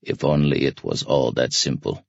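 Guy reading as a terse gruff brigadier, booming voice pushed way down low, dry close sound. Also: moderate pace, a little mellow, no room sound, dull audio, heavily acted. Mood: brooding. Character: stern gruff male brigadier, terse and commanding.

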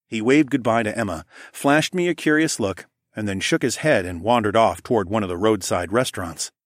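A man with a lowish voice reads a first-person story aloud in a steady, plain way. The recording is dry and close, with no room sound. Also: fairly quick, dry recording. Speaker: audiobook narrator.

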